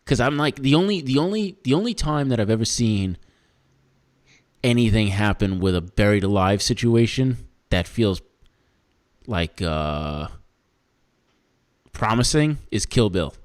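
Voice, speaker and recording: On a podcast, a Canadian-accented co-host jokes around in casual conversation, his voice on the low side. He speaks unhurriedly with long pauses, yet stays animated, laughing a lot and filling his speech with fillers.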